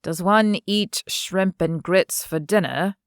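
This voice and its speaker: A woman's voice: lowish voice, slow, dry recording, studio quality. A woman voicing a teasing young man, the son of an earl for an audiobook.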